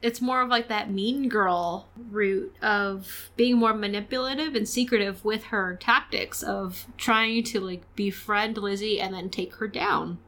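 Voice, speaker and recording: A woman co-hosting a casual podcast, chatty and quick to laugh. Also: mid-range voice, a bit bright. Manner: giggly, chatty, laughs often. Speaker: podcast co-host.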